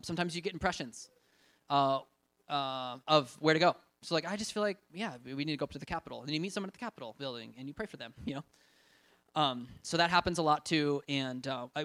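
A young man giving a casual talk about evangelism training over slides, full of fillers and quick laughs as he acts out little quotes. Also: on the high side, fairly bright tone, no room sound. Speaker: ministry trainer presenting.

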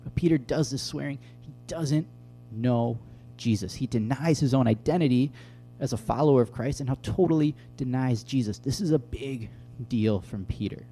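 Man, pastor, conversational sermon, mellow warm voice, faint music behind. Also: mid-range voice, normal speed. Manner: conversational, explains scripture and tells everyday stories.

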